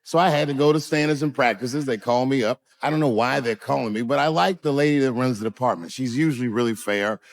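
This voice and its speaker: A man doing a stand-up comedy set, telling profane stories with big swings in pitch and volume. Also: quick pace, few pauses, no echo, poor audio. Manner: profane storytelling with wide swings in pitch and loudness. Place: comedy stage.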